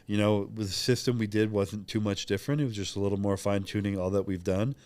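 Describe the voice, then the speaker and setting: Man, rapid delivery, slightly low voice, candid interview guest who reflects openly. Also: fairly even intonation, darkish tone. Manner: candid, reflective, acts out quoted talk. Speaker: podcast guest, pro bodybuilder. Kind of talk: casual interview talk.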